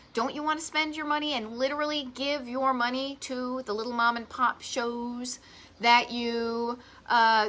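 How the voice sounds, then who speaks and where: Bright-voiced chatty woman with a Boston accent. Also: a little high. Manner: chatty and enthusiastic, self-deprecating asides. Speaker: host of a live vintage travel show. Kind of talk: casual live-stream chat. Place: home garage office.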